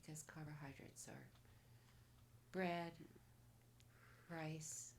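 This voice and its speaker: A woman guest on a casual podcast, soft-spoken and nearly whispering at times, giving blunt advice in short commands. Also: low-pitched, fairly even intonation, extremely slow, vocal fry, a little hiss or hum. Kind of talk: casual interview.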